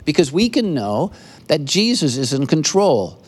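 An older man preaching a sermon as pastor, earnest, often pausing and repeating words, speaking from an empty church building. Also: fairly high pitch, very animated, slightly rough.

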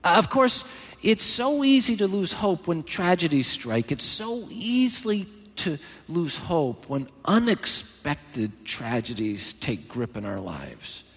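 A male pastor preaching a sermon in church, emphatic and animated, with joking asides. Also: fairly high pitch, slow, husky. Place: large church hall. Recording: long hall reverb.

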